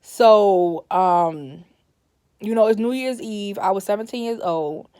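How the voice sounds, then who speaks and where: A woman's voice: mid-range voice, slow pace, warm tone, clear, resonant tone, no room sound, studio quality. A woman telling a personal story in a casual, rambling way, often correcting herself and livening up when she quotes her family. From Brooklyn, New York.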